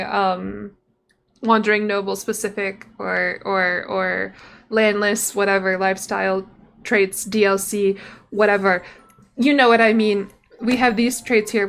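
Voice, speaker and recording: A woman's voice: mid-range voice, fairly bright tone. A woman streaming from her room at home, chatting playfully with her viewers and reading game text aloud into a desk mic. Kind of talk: casual gameplay commentary.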